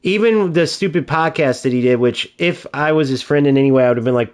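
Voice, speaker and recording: A man's voice: medium pitch, fast, few pauses. A man streaming a video game, ranting in casual, profane commentary.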